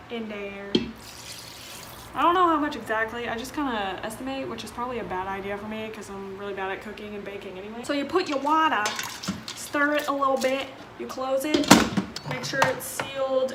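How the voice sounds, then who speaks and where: A woman's voice: sits high, very noisy. A young woman in college filming a casual cooking vlog, chatty and self-deprecating, often exasperated at her own mishaps. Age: young adult. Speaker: college student vlogger. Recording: echoey room with clattering dishes.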